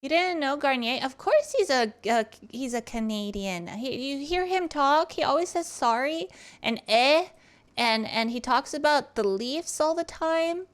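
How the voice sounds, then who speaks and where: Woman streamer, kinda high voice, teasing chat and swearing a lot while she plays. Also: expressive, measured pace. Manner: teasing, profane, chatty with viewers. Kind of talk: casual chat while gaming.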